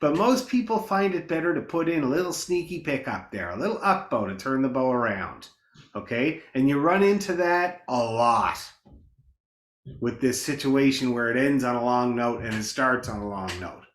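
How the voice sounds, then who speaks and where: A man's voice: medium pitch, lively intonation, moderate pace, reverberant. A man teaching a beginner fiddle class online, encouraging students, counting them in and calling out the notes. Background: fiddle playing.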